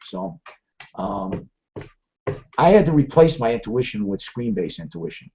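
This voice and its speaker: A middle-aged trading show host runs a live webcast, wandering from story to story, rambling freely and restarting sentences often. His mid-range voice is expressive, gravelly and dark, delivered at a measured pace, and the audio is dull and lo-fi.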